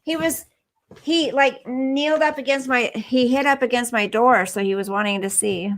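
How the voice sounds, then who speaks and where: A woman's voice: on the high side, moderate pace, fairly bright tone. A middle-aged woman hosting a casual livestream, chatty and easily sidetracked as she reads comments and laughs often. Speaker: livestream host reading chat comments.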